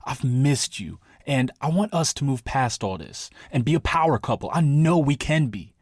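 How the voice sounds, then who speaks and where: A man's voice: medium pitch, expressive, normal speed, darkish tone, husky, no room sound, clean studio sound. A man playing a pleading boyfriend who wants his girlfriend back, wheedling and apologetic.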